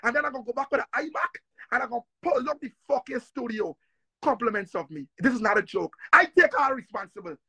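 An angry man rants on a livestream, cursing and repeating himself in a raised voice. His voice sits high and rough with fry. The sound is dry and close. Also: quick pace, dry recording. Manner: profane, repetitive, angry and shouting. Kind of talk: heated livestream rant.

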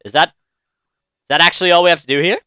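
A man's voice: on the high side, fairly even intonation, rapid-fire, pushed and bright, clean tone, no room sound, clean studio sound. A man hosting a let's-play, chatting casually and rambling through commentary with many fillers and restarts. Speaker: game let's-play host.

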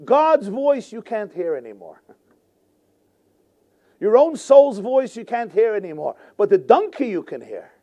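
A man, a rabbi, teaching a Torah class in an animated way, full of rhetorical questions and repetition. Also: high voice, unhurried.

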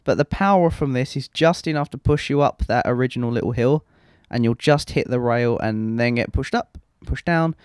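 A man's voice: mid-range voice, normal speed, hardly any pauses, clear, resonant tone, no echo, clean studio sound. A young man giving rambling, self-mocking gameplay commentary and swearing freely. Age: young adult. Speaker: let's play host.

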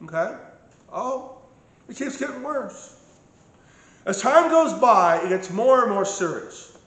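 Here a high-pitched man with lively intonation and a fairly bright tone speaks slowly in an echoey room. He's casually, emphatically telling his own story of medical mistreatment, often asking "okay?"

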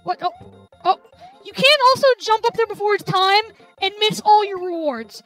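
A young woman, tipsy from drinking, commenting loudly on a game she is playing, swearing and yelling at it as she goes. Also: very high-pitched, moderate pace, soft background music, rough recording. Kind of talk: let's play commentary while drinking.

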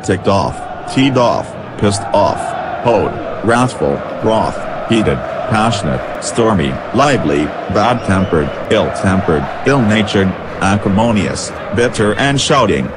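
A man's voice: lowish voice, very animated, takes it slowly, few pauses, over a noisy crowd, heavy background noise. A man voicing an angry father who rants through long lists of words. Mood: ranting.

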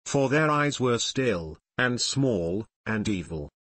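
A man with a husky voice narrates an audiobook in a steady, solemn way. His pitch sits in the middle, and the recording is close and dry with no room sound. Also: slow pace, no echo.

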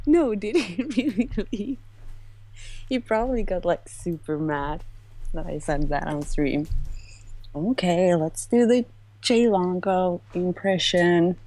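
A woman's voice: lowish voice, slow, a little mellow. A woman co-hosting a casual livestream, talking in a giggly, playful, teasing way. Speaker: streamer's co-host.

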